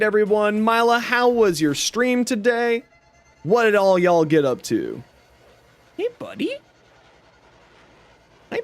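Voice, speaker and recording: A man's voice: high-pitched, no echo. A man streaming a video game live, chatting casually and playfully with his viewers. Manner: playful, joking, chatty with chat.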